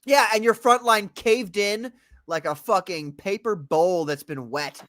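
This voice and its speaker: A man co-hosting a casual comedy chat, joking and profane, jumping from loud outbursts to mumbled asides. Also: high voice, a little slow, dry recording. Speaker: podcast co-host.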